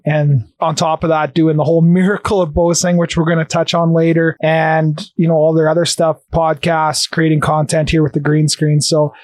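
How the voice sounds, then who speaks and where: A man's voice: on the high side, dry recording. A man co-hosting a podcast in casual, rambling chat with laughs. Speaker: podcast co-host.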